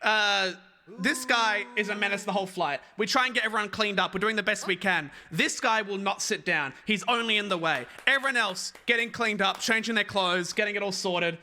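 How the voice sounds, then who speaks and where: Young guy doing standup on stream, animated storytelling, talks to chat a lot, high voice. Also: brisk. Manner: animated anecdote with asides to chat.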